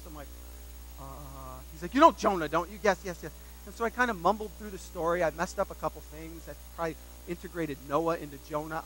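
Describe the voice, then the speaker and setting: A man delivers a sermon in a high, bright and sharp voice. He leans on repetition to drive points home. He slips into animated, self-mocking storytelling. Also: a little hiss or hum, low-quality recording. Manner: emphatic, repeats key phrases for weight. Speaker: pastor.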